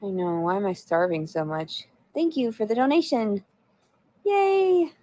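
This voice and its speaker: A woman's voice: medium pitch, lively intonation, a little fast, a little mellow, no echo. Blunt, profane woman livestreaming. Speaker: livestreamer reading chat. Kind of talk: casual livestream chat.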